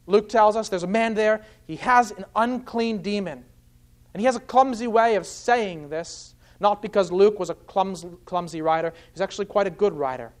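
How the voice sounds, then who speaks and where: A man's voice: high-pitched, normal speed. A man preaching an expository sermon, earnestly explaining scripture point by point. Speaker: pastor.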